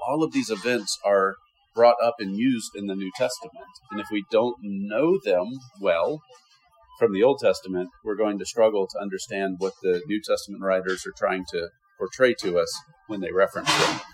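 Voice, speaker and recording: A man's voice: fairly low pitch, normal speed, rough recording. A man teaching a Bible lesson to a class, asking questions and answering them himself. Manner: lively questioning, with self-answered rhetorical questions.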